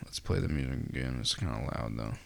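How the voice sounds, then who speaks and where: A man's voice: a bass voice, animated, fast, creaky, no echo, studio quality. A man hosting a casual podcast, rambling with many fillers and restarts and tossing in jokey asides. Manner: jokey, self-deprecating asides. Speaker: podcast host.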